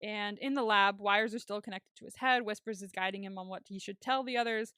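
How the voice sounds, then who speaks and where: A woman co-hosting a podcast, recapping a TV episode in casual chat, chatty and quick to laugh, with some casual swearing. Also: medium pitch, fairly even intonation, pushed and bright, smooth, no room sound, clean studio sound. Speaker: podcast co-host.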